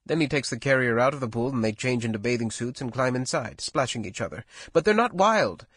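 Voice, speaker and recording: A man's voice: mid-range voice, animated, fairly quick, a bit bright, breathy edge, dry recording. Man narrating an audiobook, dry sound. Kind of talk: scripted first-person narration.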